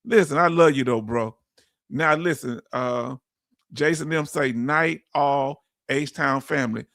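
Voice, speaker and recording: A man's voice: mid-range voice, slow, gravelly, a bit bright, no echo, clean studio sound. A man hosting a casual livestream, reading viewer comments aloud and calling his audience family in a heartfelt, emotional way.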